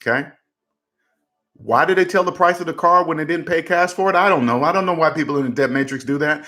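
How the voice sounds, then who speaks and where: Guy ranting about car loans, kinda high voice, keeps repeating himself for emphasis. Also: a little fast, bright, forceful tone. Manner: emphatic and repetitive, preachy, drives points home. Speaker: personal finance channel host. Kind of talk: casual commentary to camera.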